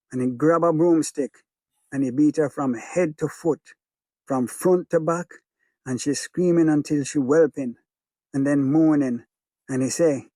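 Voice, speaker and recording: A man with a Jamaican accent reads a first-person story in patois, in a rhythmic, hushed way. His voice is slightly high for a man, and the close studio mic leaves it dry. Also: no echo. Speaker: audiobook narrator. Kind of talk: first-person audiobook narration of a child's memory.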